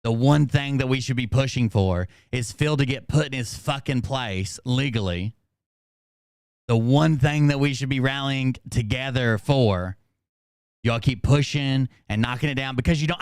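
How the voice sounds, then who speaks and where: A man's voice: medium pitch, normal speed, clear, resonant tone, no echo, clean studio sound. A man hosting a livestream, ranting in an angry, combative way and swearing constantly. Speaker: channel host.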